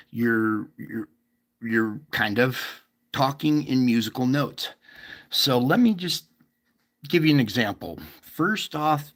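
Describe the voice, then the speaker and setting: A man hosts a casual livestream and explains at length. He wanders, restarts, and keeps checking in with his listeners. His voice is gravelly with a touch of fry, and he takes his time. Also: mid-range voice, a bit bright. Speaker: livestream host.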